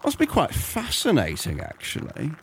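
A man's voice: a little high, wildly swooping pitch, normal speed, creaky, slightly rough, pitched above the performer's own voice, full character voice. A man with a British English accent putting on a pompous, awkward middle-aged male radio presenter as a comedy impression. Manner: self-important, puffed-up delivery. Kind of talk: comedy impression reading a script.

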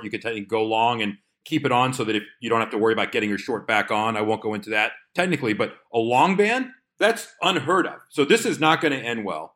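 Man, trader and podcast co-host, rapid delivery, animated, casual. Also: mid-range voice. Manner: fast, animated storytelling with quoted asides. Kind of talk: casual market talk.

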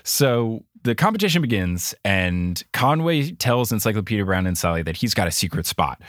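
A man's voice: on the low side, big pitch swings, moderate pace, fairly bright tone, no echo, studio quality. A man hosting a podcast, animatedly retelling a children's mystery book with joking asides. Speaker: podcast host. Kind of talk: casual book recap chat.

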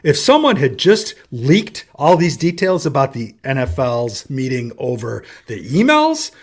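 Husky, jokey male co-host. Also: mid-range voice, wildly swooping pitch, unhurried. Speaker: sports talk show co-host. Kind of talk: casual chat.

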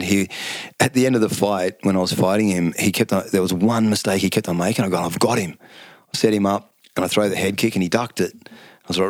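A middle-aged man, casually telling lively stories as a podcast guest and acting out the quotes. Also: sits low, no echo. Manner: animated storyteller, acts out quotes, laughs often. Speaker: guest, former kickboxing champion. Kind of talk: casual storytelling chat.

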